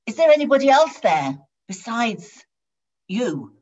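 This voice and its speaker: A woman's voice: a little high, sing-song, measured pace, a little mellow, pitched above the performer's own voice. A woman voicing an impatient male company boss who presses questions down the phone, heard on a dull lo-fi recording. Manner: pressing, increasingly irritated questions. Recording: dull lo-fi sound.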